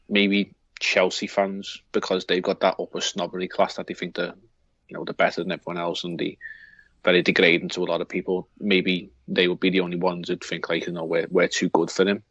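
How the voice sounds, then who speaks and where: Man with liverpool accent, low voice, football podcast chat, dry dull recording. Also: fairly bright tone, dry recording. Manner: rambling, with many restarts and fillers. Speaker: podcast co-host.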